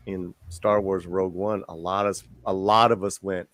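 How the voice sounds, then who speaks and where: Lowish-voiced man hosting a panel chat. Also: normal speed, few pauses, dry recording. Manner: relaxed, leads the discussion, swears casually. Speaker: host. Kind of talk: casual panel discussion.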